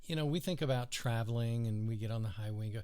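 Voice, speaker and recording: A man co-hosting a podcast, relaxed and chatty, reading out funny news items. He drifts into easy chuckles as he tells each story. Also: mid-range voice, clear, resonant tone. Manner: laid-back, chuckles often, drawn-out storytelling. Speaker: podcast co-host. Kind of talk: casual chat, reading news stories aloud.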